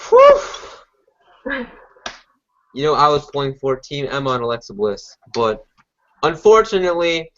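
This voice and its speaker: A man hosting a podcast, reviewing a show in relaxed, casual chat full of fillers. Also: medium pitch, a little fast, a little hiss or hum. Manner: relaxed, chatty, many fillers. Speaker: podcast host. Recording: dull lo-fi recording.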